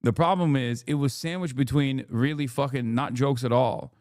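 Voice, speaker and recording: A man's voice: medium pitch, moderate pace, a little mellow, no echo, studio quality. Profane, emphatic man ranting on stream. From United States. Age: 30s. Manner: emphatic, profane, repeats himself for stress. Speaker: streamer and political commentator. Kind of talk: casual ranting commentary.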